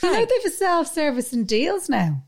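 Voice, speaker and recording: A woman's voice: sits high, huge pitch swings, moderate pace. A woman in her thirties with an Irish accent, co-hosting a casual chat podcast, chatty and swearing freely. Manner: chatty, swears freely, acts out quoted asides. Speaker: podcast co-host.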